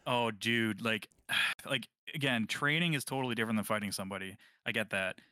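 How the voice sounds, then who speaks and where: Man with a bright, clear, dry voice. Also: on the low side, brisk, no room sound. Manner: rambling, relaxed, lots of fillers and restarts. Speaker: podcast co-host. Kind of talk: casual chat about video games.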